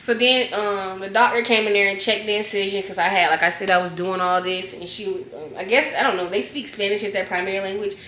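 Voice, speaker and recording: A woman vlogger telling a storytime in a casual, slangy way, animated and acting out scenes. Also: mid-range voice, fairly quick, few pauses, a little hiss or hum. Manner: animated, slangy, acts out scenes with loud yells. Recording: echoey room.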